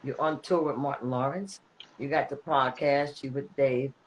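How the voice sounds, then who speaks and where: A woman's voice: extremely low pitch, fairly even intonation, normal speed, slight background noise, low-quality recording. A woman calling in as a guest, answering with sassy, playful comebacks. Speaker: guest caller. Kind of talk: casual chat.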